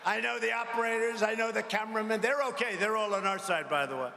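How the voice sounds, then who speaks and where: Older male politician at a podium mic: mocking, rambling, high-pitched, big reverberant arena. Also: quick pace, vocal fry, few pauses, bright, forceful tone, slight background noise. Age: 70s. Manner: combative, mocking, rambling asides. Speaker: politician addressing a rally. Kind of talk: rally speech. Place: large arena. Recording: echoey arena with long reverb.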